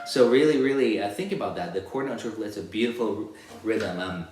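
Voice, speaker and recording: A man giving a casual guitar lesson, counting beats and singing rhythms as syllables in a relaxed, rambling way. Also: fairly low pitch, brisk. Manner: sings rhythms as syllables while demonstrating on guitar; relaxed, rambling explanations with restarts. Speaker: guitar teacher. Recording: roomy room with loud guitar playing.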